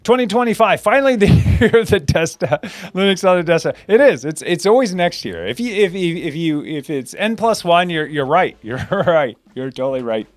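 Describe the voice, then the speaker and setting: A man's voice: on the high side, expressive, moderate pace, dry recording. An American man from the United States hosting a live Q&A, chatting loosely with lots of restarts and fillers, answering viewer comments. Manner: rambling, lots of restarts and fillers, laughs often. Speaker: host.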